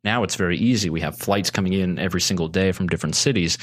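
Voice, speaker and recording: Earnest man explaining policy, low voice. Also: fast talker. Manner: earnest, explains at length with restarts. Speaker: guest, policy advocate. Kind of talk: casual podcast conversation.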